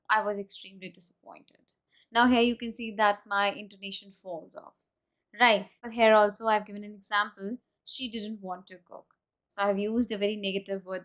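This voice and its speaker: A woman's voice: mid-range voice, fairly bright tone. A woman with an Indian English accent teaching an exam-prep speaking lesson, explaining step by step and modelling example sentences aloud.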